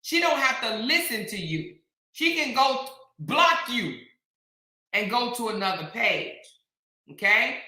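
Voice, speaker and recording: A woman's voice: on the high side, big pitch swings, takes it slowly, long pauses, pushed and bright. An American woman hosting a casual commentary vlog, sassy and emphatic, speaking straight to the people she talks about. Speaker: commentary vlogger host. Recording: echoey room.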